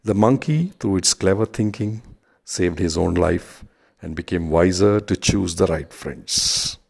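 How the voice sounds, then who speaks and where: A man telling a children's fable at an unhurried, deliberate pace. His voice sits very low and carries a gravelly fry with a husky, breathy edge. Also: a little mellow. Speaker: storyteller. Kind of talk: children's story narration.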